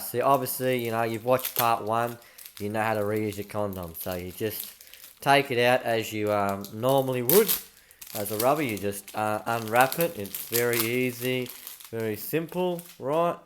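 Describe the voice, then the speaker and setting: A man's voice: on the low side, slight background noise. A man with an Australian accent hosting a joke how-to video in a chatty, blokey manner, full of "mate" and "right?". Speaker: comedy channel host. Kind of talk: deadpan mock tutorial.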